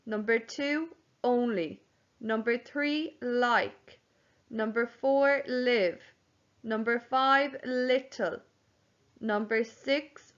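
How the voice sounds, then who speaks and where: Slow, careful woman teacher. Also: on the high side, a bit bright. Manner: slow, spells words out letter by letter. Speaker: primary school teacher. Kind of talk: home learning spelling lesson. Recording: dull lo-fi home recording.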